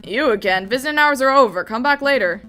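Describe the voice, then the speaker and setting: A woman doing a gruff loud jail guard. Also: high voice, animated, fast talker, faint music behind.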